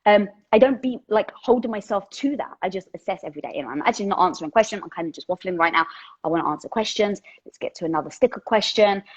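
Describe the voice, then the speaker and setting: A woman, chatty and casual, giving motivational talk on a live stream through a headset, swearing lightly as she thinks out loud. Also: mid-range voice, fast, slightly rough, highs cut off.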